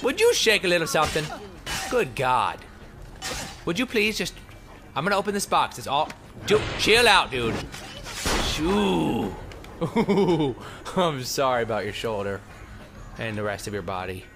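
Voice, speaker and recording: Goofy, lively young man narrating a game. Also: mid-range voice, normal speed, long pauses, over music. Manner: goofy, rambling, jokes at himself, sudden mock screams. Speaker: let's play commentator. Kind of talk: gameplay commentary.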